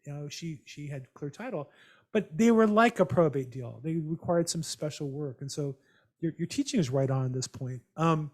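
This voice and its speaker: A man hosting a real estate call, telling animated, rambling stories with many restarts over a video call. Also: a little high, normal speed. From United States. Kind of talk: casual storytelling on a video call.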